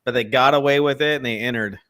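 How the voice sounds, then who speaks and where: A man's voice: medium pitch, fast, sharp tone. A man co-hosting a casual sports chat, joking and sarcastic, often talking over his partner. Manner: joking, sarcastic, talks over the other host. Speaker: co-host. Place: Texas.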